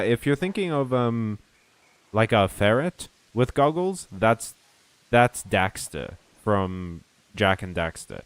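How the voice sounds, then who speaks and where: A man's voice: medium pitch, no room sound. A man chatting casually over gameplay, rambling, correcting himself and answering his viewers as he goes. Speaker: streamer.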